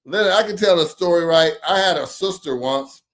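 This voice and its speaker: A man with a fairly high voice runs a casual livestream chat. He tells stories bluntly, swears freely and laughs often as he answers viewers by name. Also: brisk, a bit bright. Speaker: livestream host reading viewer comments.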